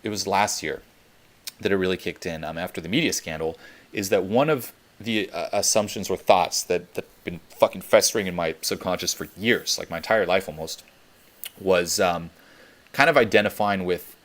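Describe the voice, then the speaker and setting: A young man with a notably deep voice speaks on a coaching teleconference. He talks bluntly and emphatically, swearing freely as he drives his points home. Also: normal speed. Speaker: dating coach.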